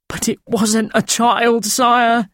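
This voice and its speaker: A man reading a story aloud, voicing a feverish, frightened male peasant with a thin, rasping voice who pleads shakily through tears. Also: very high-pitched, flat delivery, slow, a bit bright, no room sound, studio quality, pitched above the performer's own voice, full character voice. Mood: pleading. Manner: pleading, shaky and tearful. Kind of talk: audiobook character voice.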